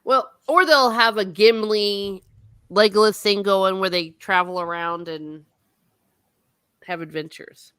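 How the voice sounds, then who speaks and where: A woman's voice: mid-range voice, slow, a bit bright, clear, resonant tone, no room sound, studio quality. A woman hosting a casual book discussion, recapping the plot in a chatty way and swearing now and then.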